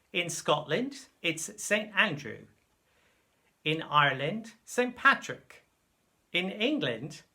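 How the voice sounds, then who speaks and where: A man presenting a slow, clear school lesson video for children. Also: a little high. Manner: slow, clear, lively teaching voice. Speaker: teacher.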